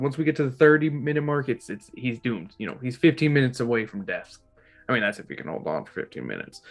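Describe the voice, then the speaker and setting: Animated man rambling through a review. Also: mid-range voice. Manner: rambling, frequent restarts, casual swearing. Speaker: book club host ranking covers. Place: home in an apartment.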